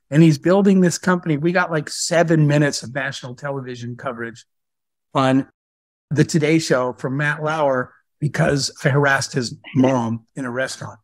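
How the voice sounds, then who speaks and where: A man speaking as a guest entrepreneur in a live question-and-answer talk, telling stories in a lively, conversational way. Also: medium pitch, dry recording, clean studio sound. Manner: animated storyteller who acts out dialogue.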